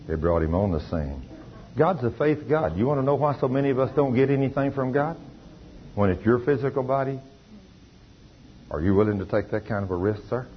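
A man's voice: medium pitch, slight background noise. A man preaching a sermon, telling testimony stories with emphatic delivery. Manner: emphatic, testifying with acted quotes. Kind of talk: sermon storytelling. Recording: dull lo-fi recording.

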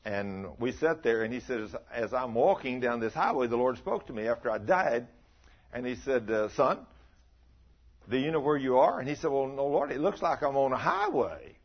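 With a mid-range voice that swings widely in pitch, an older man preaches folksily at a normal speed. He relates stories and keeps asking his listeners questions, and the lo-fi audio is muffled.

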